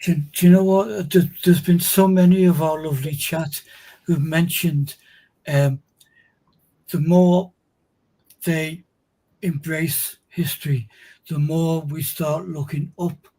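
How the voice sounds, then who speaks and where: A man's voice: fairly high pitch, fairly even intonation, slow pace, pauses often, mellow, rough recording. A man hosting a live stream chat, often restarting and repeating words as he thinks aloud. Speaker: host.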